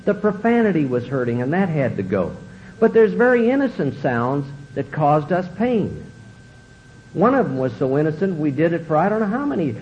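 A man's voice: sing-song, normal speed. A middle-aged man giving a personal recovery testimony, telling his story earnestly and acting out the dialogue in it. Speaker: recovery speaker. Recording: dull lo-fi recording with faint rumble.

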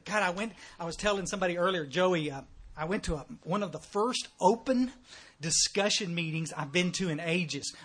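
A man's voice: on the high side, fairly bright tone, husky. A man with a thick Texas accent giving a blunt, folksy, joking talk at a recovery meeting.

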